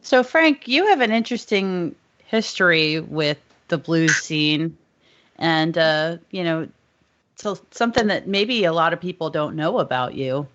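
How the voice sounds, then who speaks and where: Relaxed interview host, mid-pitched, halting questions, muffled lo-fi recording. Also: slight background noise. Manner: easygoing, searching for words. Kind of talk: casual interview. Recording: dull lo-fi sound.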